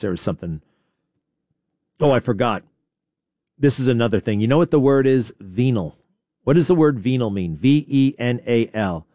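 A man's voice: mid-range voice, mellow, no echo, clean studio sound. A man hosting a talk show, rambling through a sarcastic opinionated monologue with many asides and restarts. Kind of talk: opinionated monologue playing clips.

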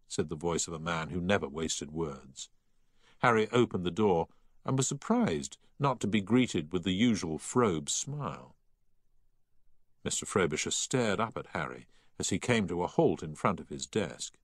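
A man narrating a novel in an expressive, measured reading. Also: deep voice, no echo, clean studio sound. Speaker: audiobook narrator. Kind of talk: scripted narration.

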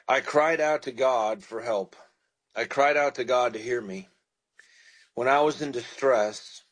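A man's voice: on the low side, low-quality recording. A man hosting a radio sermon, reading scripture and praying, earnest and pastoral as he speaks directly to listeners. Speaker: radio preacher.

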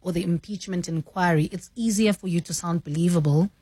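A woman, a news anchor and mentor, explaining her craft in a measured way and often saying "you know". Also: lowish voice, dark tone, breathy edge. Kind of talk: radio studio conversation.

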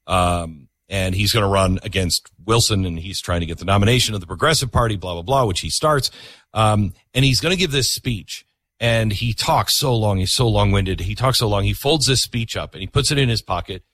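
A man hosting a talk show, telling stories in an animated way and reading an ad. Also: fairly low pitch, a little fast. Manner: animated, vivid storyteller. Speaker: host. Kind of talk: casual interview and ad read.

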